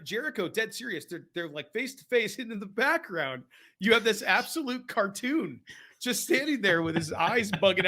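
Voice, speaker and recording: A man co-hosting a podcast in casual chat, excitable and rambling, often laughing as he talks. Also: sits high. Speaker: podcast co-host.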